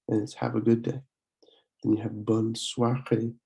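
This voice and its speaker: A young man teaching a French lesson from slides, slowly repeating words and often clearing his throat to correct himself. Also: lowish voice, little pitch movement, dark tone, rough recording. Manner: slow, repeated pronunciation drills. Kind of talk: slide-based language lesson.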